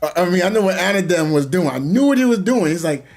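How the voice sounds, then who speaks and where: Animated young man telling gaming stories. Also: sits high, fast talker, soft background music. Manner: animated storytelling, laughs often, slangy. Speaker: gaming streamer. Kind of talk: casual chat.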